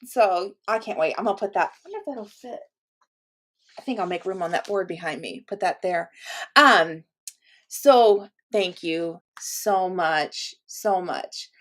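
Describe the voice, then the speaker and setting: A woman's voice: on the low side, animated, unhurried, a bit bright. A woman hosting her own channel, chatting casually to viewers while opening gifts at home, gushing with gasps, little laughs and exclamations. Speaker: channel host. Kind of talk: casual unboxing chat to viewers.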